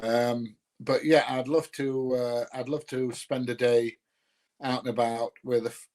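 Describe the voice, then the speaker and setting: A man's voice: mid-range voice, little pitch movement, unhurried, darkish tone. A man from North Nottinghamshire with a South Yorkshire accent, chatting casually on a live stream, rambling with many ums and uhs and greeting viewers by name. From North Nottinghamshire, England. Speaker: YouTuber greeting live chat.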